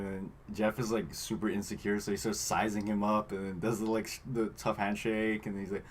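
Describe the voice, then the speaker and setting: Low-voiced rambling man recapping a movie. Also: steady tone, fast, few pauses. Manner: rambling, filler-heavy, acts out quotes. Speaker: podcast co-host. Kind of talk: casual chat recapping a movie.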